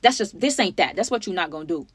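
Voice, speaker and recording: A woman in her twenties telling a personal story to her viewers in a sassy, chatty, animated way. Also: fairly low pitch, fast, husky, no echo. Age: 20s. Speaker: storytime vlogger.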